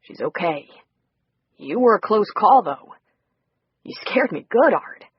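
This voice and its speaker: A man's voice: sits high, big pitch swings, slow pace, husky, no echo, lo-fi sound, full character voice. A narrator voicing a man who soothes and reassures a friend.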